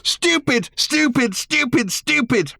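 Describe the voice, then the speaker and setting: A man voicing a shrill, furious young girl. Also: lively intonation, slow pace, gravelly, dry recording, studio quality, heavily acted. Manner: shrill shouting outbursts. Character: angry young alien-raised girl, sullen and explosive.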